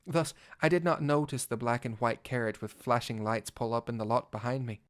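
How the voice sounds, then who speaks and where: A man's voice: medium pitch, fairly even intonation, a little fast, lightly acted. A man voicing a vain, gallant male cat-knight bard in a fan audio drama, speaking in flowery, old-fashioned words and shifting from pompous to flustered. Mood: storytelling. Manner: theatrical, swinging from pompous to flustered. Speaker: narrator. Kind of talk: first-person fan audio drama reading.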